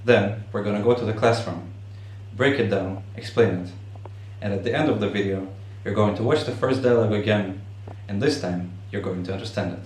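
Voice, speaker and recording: A man's voice: on the low side, brisk, a little mellow, heavy reverb, far from the mic, rough recording. A man teaching a beginner language lesson, explaining patiently step by step.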